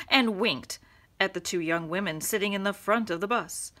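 A woman reading a children's storybook aloud to young listeners, in an expressive storytelling manner. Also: medium pitch, moderate pace.

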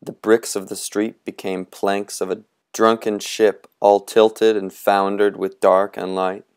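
A man narrating a novel at an unhurried, measured pace. His voice is low and smooth. He leans into the atmosphere of each sentence. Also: level tone. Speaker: audiobook reader. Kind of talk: reading a novel aloud.

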